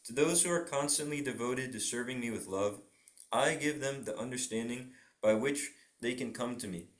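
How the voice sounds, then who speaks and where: A man's voice: mid-range voice, normal speed. A man giving an informal scripture class, chatty, laughing often and acting out little dialogues. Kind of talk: informal sermon.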